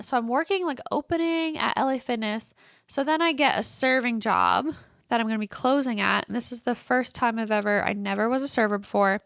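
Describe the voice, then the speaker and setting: A woman's voice: medium pitch, creaky, a bit bright, dry recording, studio quality. A young adult woman hosting a podcast, telling work stories in a casual, exasperated rant, swearing freely and using "like" often. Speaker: podcast host.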